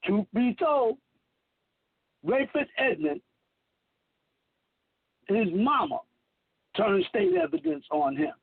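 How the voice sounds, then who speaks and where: A man's voice: very high-pitched, animated, slow, gravelly, long pauses, husky, dry recording. A man in his fifties delivering a rambling, profane, preachy monologue as a self-proclaimed messiah. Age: 50s. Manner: preachy, emphatic, heavy swearing. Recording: tinny phone line, dry.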